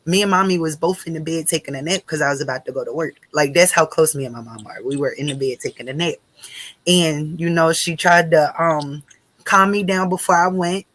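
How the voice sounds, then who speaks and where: A woman's voice: low-pitched, fairly quick, no room sound, poor audio. Emotional chatty woman hosting. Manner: warm, emotional, many fillers. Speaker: host. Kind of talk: casual conversational hosting.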